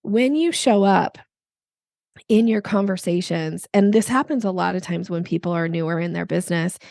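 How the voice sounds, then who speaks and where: A woman sales coach speaking as a podcast guest, explaining with lively examples and putting on playful voices. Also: medium pitch, creaky, dry recording, clean studio sound. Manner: animated, acts out voices in examples. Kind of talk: podcast interview.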